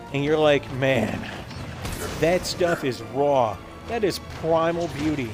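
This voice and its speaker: A man hosting a gaming video, telling a rambling, absurd story in a deadpan way and acting out quoted lines in voices. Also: fairly high pitch. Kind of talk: rambling comedic monologue while gaming.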